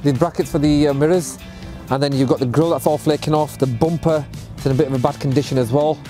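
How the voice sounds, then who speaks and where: A man's voice: on the high side, steady tone, fast talker, dark tone, faint music behind. A man talking casually to camera in a vlog, upbeat and chatty, outdoors beside a bus. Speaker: vlogger and bus converter.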